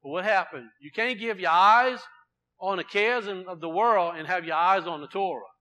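A man preaching a sermon, swinging between loud proclaiming and quiet, low asides, often repeating himself. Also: normal speed, poor audio.

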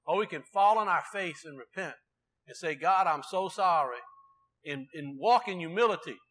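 A man's voice: sits high, lively intonation, normal speed, a bit bright. A man preaching a sermon in a conversational way, asking the congregation rhetorical questions.

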